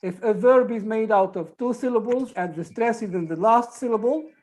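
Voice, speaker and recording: A woman's voice: a little high, normal speed, a little mellow. A woman teaching an online group English lesson, patiently repeating examples and explaining rules step by step.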